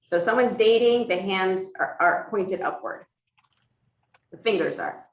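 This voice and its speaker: Speaking a little slowly in a medium pitch, a woman voices a teacher's sign language lesson in the first person, working through each point step by step. The recording comes from far off in an echoey classroom used for a hybrid in-person and online class.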